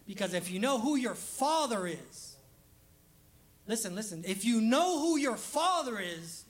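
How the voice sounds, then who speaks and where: A man's voice: high-pitched, very animated, measured pace. A male pastor giving a live church sermon in a conversational style, repeating words for emphasis and briefly acting out the people he quotes. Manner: conversational preaching that acts out short quoted voices. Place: church service streamed live.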